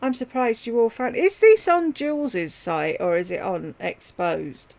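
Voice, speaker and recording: Her pitch is fairly high and sing-song, delivered at a measured pace with a gravelly, darkish quality. She's a woman streaming from home, chatting freely with viewers by name and meandering from one thing to another.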